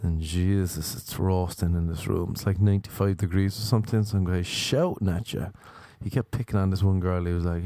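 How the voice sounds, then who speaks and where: A man's voice: sits low, lively intonation, normal speed, gravelly, hardly any pauses, warm tone, no room sound. A man doing a stand-up comedy monologue, rambling and self-mocking with crude jokes.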